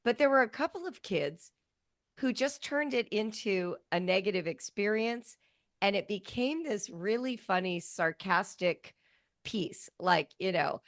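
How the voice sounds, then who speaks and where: A woman in her fifties, a writing educator talking as a guest, who tells animated stories and acts out quoted lines. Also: mid-range voice, unhurried, dry recording, studio quality. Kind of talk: conversational interview.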